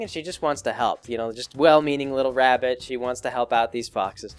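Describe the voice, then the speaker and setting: Man, young, rambling, restarts a lot, slightly high-pitched, comedic storytelling. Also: steady tone, clean tone, faint music behind. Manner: rambling, full of restarts, acting out characters in quick bits. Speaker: comedy podcast host.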